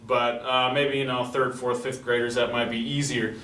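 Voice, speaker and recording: Guy teaching kids' music stuff, clear bright voice, mic kinda far off, bit of hiss. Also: medium pitch, little pitch movement, moderate pace. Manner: patient, explains step by step with spoken examples. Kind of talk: classroom teaching demonstration. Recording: roomy echo from a distant mic with faint noise.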